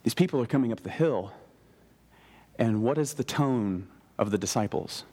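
A man preaching a sermon as a pastor, animated, slipping into casual modern voices for biblical characters. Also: medium pitch, moderate pace, slightly rough, big-room sound.

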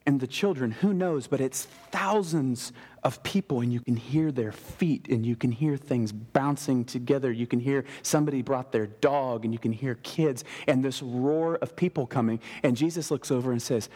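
A man preaching a sermon as a pastor, animated, slipping into casual modern voices for biblical characters. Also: medium pitch, moderate pace, slightly rough, in a large hall.

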